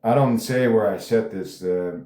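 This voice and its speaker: Casual male writer reading his script; low, mellow voice, echoey room. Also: moderate pace. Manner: rambling, casual, swears. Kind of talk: table read with commentary. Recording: roomy echo.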